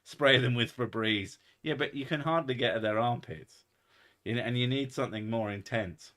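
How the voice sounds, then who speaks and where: A man hosting a casual chat podcast, telling stories in an animated, sweary way. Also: mid-range voice, moderate pace. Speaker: podcast host.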